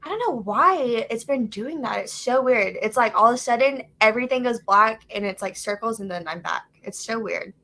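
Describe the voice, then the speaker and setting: A woman's voice: fairly high pitch, animated, a little fast, few pauses, bright, forceful tone. A woman who is a guest on a movie watch-party stream, chatting easily about the film. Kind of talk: casual chat over a movie.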